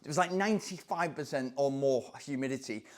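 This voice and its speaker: A man from England, a running coach telling a story in an animated, excitable way. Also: mid-range voice, brisk. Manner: animated, excitable, acts out voices in anecdotes. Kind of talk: casual storytelling to camera.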